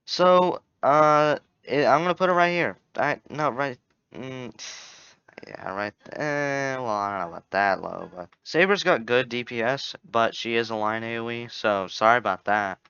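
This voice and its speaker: A man's voice: mid-range voice, a little slow, bright, forceful tone, clear, resonant tone, dry recording. A young man giving casual, rambling commentary on a game tier list, often correcting himself and joking. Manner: rambling, self-correcting, jokey. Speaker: gaming YouTuber. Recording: dull lo-fi home mic.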